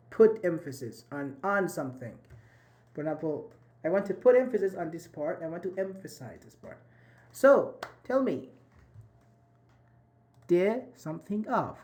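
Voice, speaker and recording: A man's voice: sits high, darkish tone. Encouraging man teaching English online. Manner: encouraging, repeats and rephrases points. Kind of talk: live online grammar class.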